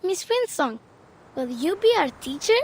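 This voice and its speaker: A woman's voice: extremely high pitch, sing-song, measured pace, darkish tone, a little hiss or hum, full character voice. A woman voicing a bold, eager young village child who asks pushy questions. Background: game music.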